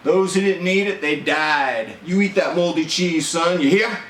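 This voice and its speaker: A man's voice: on the high side, measured pace, fairly bright tone, a little hiss or hum. A man putting on the voice of his stern military father scolding his son. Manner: barking orders, stern. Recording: roomy echo.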